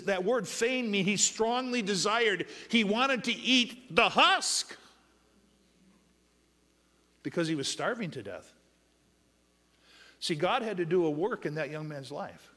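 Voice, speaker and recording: A man preaching a sermon who reads scripture slowly, calls on the congregation to fill in words, and swings between loud raised passages and quiet asides. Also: high-pitched, expressive. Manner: asks the congregation to finish verses with "what?"; reads scripture in slow drawn-out phrases. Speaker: pastor.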